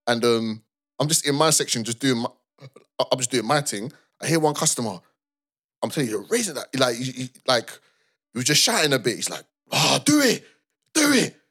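A young man chats on a podcast. He tells the story in an animated way, acts out what people said, and repeats his words as he goes. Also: medium pitch, brisk. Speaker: podcast co-host. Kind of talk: casual chat.

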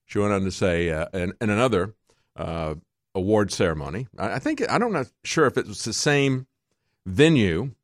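A male talk show host runs through his commentary with a mocking, sarcastic edge. His pitch swings widely as he talks, and the studio sound is dry and close. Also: very animated, moderate pace, no room sound. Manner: mocking, sarcastic asides with chuckles. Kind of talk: political commentary monologue.

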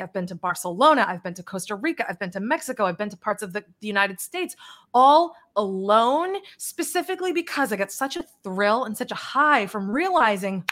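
A woman guest on a video-call interview, telling stories in a blunt, animated way with mild swearing. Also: sits high. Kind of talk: casual interview chat.

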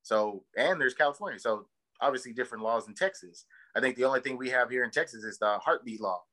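A man's voice: medium pitch, quick pace, bright, forceful tone, poor audio. A man co-hosting a podcast, telling a heated, rambling story full of fillers and swearing. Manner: heated and emphatic. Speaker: podcast co-host. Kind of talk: casual podcast chat.

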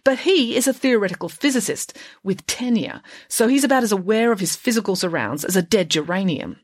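A woman's voice: mid-range voice, expressive, a little fast, no echo, pitched above the performer's own voice, natural voice. A woman playing a dry, clever schoolgirl sleuth. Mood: deadpan. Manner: precise, dry, matter-of-fact. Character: clever deadpan teenage girl detective.

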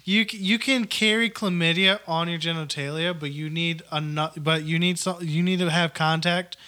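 A young man rambling through facts in casual podcast banter, full of restarts. His voice sits a little high with a bright tone. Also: fairly even intonation, moderate pace. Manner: rambling, hesitant explainer.

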